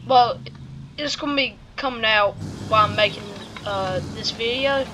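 A woman vlogging outdoors by a truck and trailer, rambling and halting with many fillers while she has the hiccups. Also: a little high, noisy background. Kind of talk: casual vlog narration.

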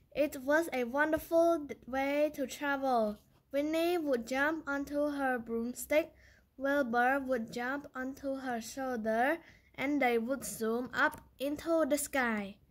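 Slow, high-voiced woman reading aloud. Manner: slow, careful reading with small slips. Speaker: storyteller on her channel. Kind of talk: children's picture book read-aloud.

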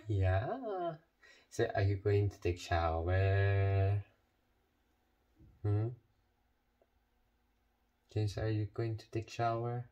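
Man, pet owner, baby talk, coaxing, repetitive, unhurried, at home. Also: fairly low pitch, little pitch movement, dark tone, dull audio. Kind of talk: casual talk to a pet bird.

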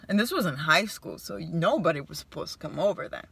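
A young woman vlogger telling a casual story to the camera, chatty and animated, acting out what people said. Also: deep voice, quick pace, creaky, breathy edge, no room sound. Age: young adult. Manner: animated, chatty, voices her own quotes. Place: car.

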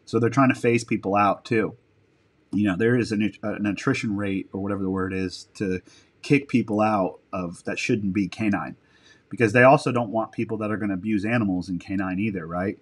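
A man with a somewhat low-pitched voice talking casually as a podcast guest. He rambles through long stories, drops casual swear words and restarts his sentences often. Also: a little fast. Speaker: podcast guest, military dog handler. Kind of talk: casual interview storytelling.

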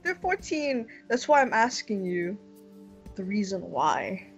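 A woman's voice: mid-range voice, sing-song, takes it slowly, soft background music. A woman chatting casually during a game playthrough, musing and wry.

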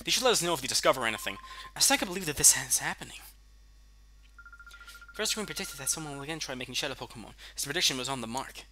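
A man reading a quiet, worried lab scientist. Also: mid-range voice, animated, rapid-fire, long pauses, a little hiss or hum, pitched below the performer's own voice.

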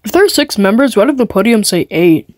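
A woman's voice: medium pitch, big pitch swings, fast, no room sound. Dry mocking woman commentator. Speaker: commentator picking apart a video. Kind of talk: sardonic commentary.

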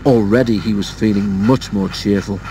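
A man's voice: fairly low pitch, steady tone, normal speed, dark tone, a little hiss or hum. Man reading a storybook aloud. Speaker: narrator.

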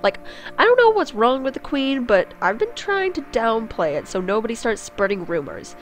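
A woman's voice: a little high, sing-song, moderate pace, soft background music. Crude self-mocking woman gamer. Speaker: let's play gamer. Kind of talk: casual game commentary and reading aloud.

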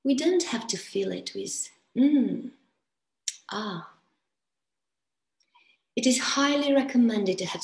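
A woman presenting on voice to an audience of coaches over a video call, in a deliberate and expressive way. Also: mid-range voice, gravelly. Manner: slow, deliberate and expressive, with playful vocal demonstrations. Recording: roomy echo.

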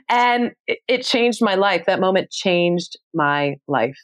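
A woman in her thirties from New York City, a podcast guest telling a story with expressive energy and casual swearing. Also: medium pitch, takes it slowly. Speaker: podcast guest, travel show host. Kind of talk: animated storytelling.

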